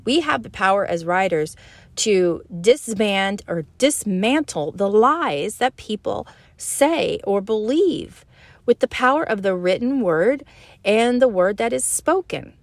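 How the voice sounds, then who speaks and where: An earnest woman author talks to fellow writers in a casual, thoughtful way, pausing and restarting often. Her voice sits at an ordinary middle pitch. The recording is close and dry. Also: lively intonation, no room sound. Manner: earnest, with frequent fillers and restarts. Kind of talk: casual teaching talk.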